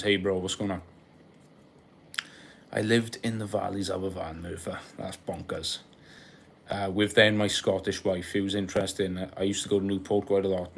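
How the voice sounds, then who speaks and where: A man's voice: on the low side, slight background noise. A young Welsh man hosting a casual live stream, chatting and joking with viewers, laughing often and rambling through asides. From Wales. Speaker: livestream host. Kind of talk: casual live-stream chat reading comments.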